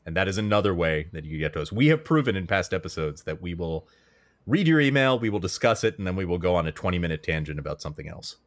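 A man's voice: deep voice, animated, racing, few pauses. A man co-hosting a podcast in casual chat, joking around and laughing often. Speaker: podcast co-host.

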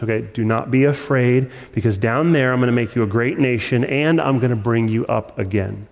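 A man's voice: medium pitch, fairly even intonation, quick pace, a little mellow. A man preaching a sermon as pastor, earnest and repeating phrases to press his point home. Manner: earnest, with repetition for emphasis and rising intensity. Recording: long hall reverb.

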